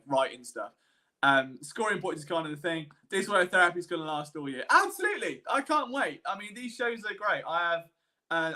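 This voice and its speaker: A man hosting a live-streamed sports podcast, talking in a rambling, animated, self-deprecating way as he works through his analysis. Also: sits high.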